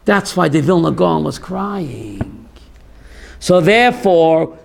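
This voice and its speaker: A man's voice: on the high side, takes it slowly, creaky. A rabbi teaching a class, quizzing listeners with call-and-response questions and acting out the voices he quotes. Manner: animated, drops into quoted voices. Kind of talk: teaching a class on Jewish theology.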